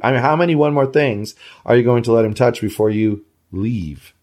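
A middle-aged man hosting a podcast, chatting casually in an easygoing, measured way. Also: medium pitch, darkish tone. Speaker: podcast host.

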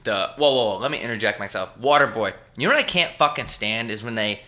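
A man hosts a comedy podcast, chatting casually and working himself up into profane, exaggerated rants. His pitch swings in a lively way, and his voice is very bright and sharp. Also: fast talker. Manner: ranting, profane, exaggerated outbursts. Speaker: podcast host.

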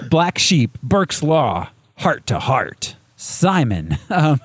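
A man co-hosting a laid-back movie chat, talking in loose, rambling runs full of fillers and little laughs. His pitch moves around a lot as he goes, and the recording is dry and close. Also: sing-song, extremely slow, breathy edge, dry recording. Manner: rambling, many fillers and restarts, laughs often. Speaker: podcast co-host. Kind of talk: casual movie review chat.

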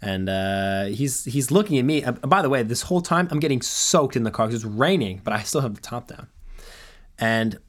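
A man's voice: medium pitch, normal speed. A young man casually telling a long story, acting out quoted dialogue along the way. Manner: animated anecdote with quoted dialogue.

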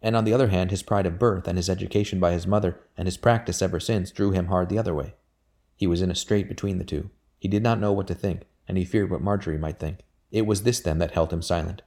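Male audiobook reader, deep and mellow, measured delivery. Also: steady tone. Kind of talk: audiobook narration of a historical novel.

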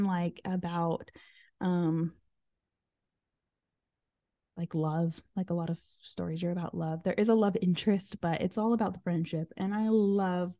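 A woman in her thirties chats on her podcast, with plenty of "um" and "like" as she goes. Her voice is mellow and dark, and the recording is dry with no room sound. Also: on the low side, no room sound. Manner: chatty, full of fillers and "like". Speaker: podcast host. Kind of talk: casual chat.

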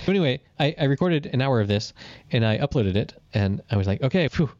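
A man's voice: medium pitch, animated, fast talker, darkish tone, dry recording, highs cut off. A man co-hosting a podcast, telling a story in casual chat and swearing freely. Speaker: podcast co-host.

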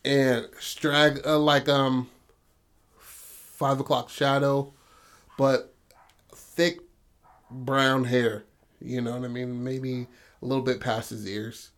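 A man's voice: mid-range voice, flat delivery, slow, long pauses, fairly bright tone. A man co-hosting a podcast, telling a story in a rambling, casual way and swearing freely. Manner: rambling, full of "you know what I mean", swears freely. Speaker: podcast co-host.

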